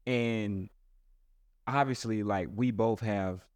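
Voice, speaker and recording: A man's voice: fairly low pitch, fairly even intonation, slow, dry recording. A man, a pastor hosting a casual chat, who talks in a rambling way with many restarts. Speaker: pastor and host.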